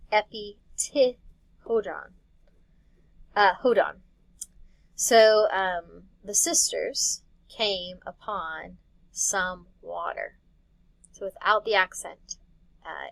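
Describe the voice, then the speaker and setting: A woman teacher talks through a recorded lesson in a casual, patient way, explaining step by step and laughing lightly now and then. Her voice sits at a middle pitch. The sound is close and dry, with no room echo. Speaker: Greek teacher. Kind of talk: recorded classroom lecture.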